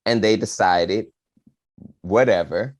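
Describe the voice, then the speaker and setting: A man's voice: on the low side, takes it slowly, a little mellow, dry recording, clean studio sound. A man co-hosting a podcast, casually and animatedly talking politics with playful asides to his co-host.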